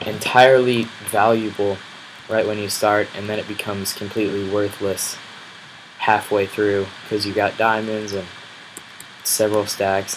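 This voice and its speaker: Male let's-play commentator, slow and grumbly, loud outbursts at enemies, noisy home recording. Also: on the low side. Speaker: gameplay commentator.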